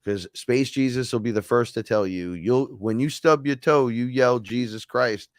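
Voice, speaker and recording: A man's voice: mid-range voice, moderate pace, dry recording, studio quality. A man hosting a casual spiritual talk, telling stories in a rambling, profane way. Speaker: host.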